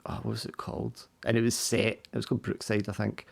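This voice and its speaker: A man's voice: fairly low pitch, flat delivery, vocal fry, husky. A British man chatting casually over voice chat, taking his time with his sentences and swearing offhandedly. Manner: slow, deliberate, swears casually. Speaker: player in an online tabletop game group. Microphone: voice chat mic.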